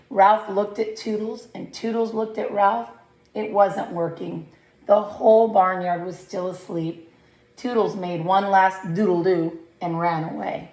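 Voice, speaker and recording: A woman reads a picture book aloud at an unhurried, slow pace, gently pausing to ask her young listeners questions. Her voice carries a roomy echo, pitched in a middle range. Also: steady tone. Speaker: read-aloud narrator. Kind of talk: reading a picture book to children.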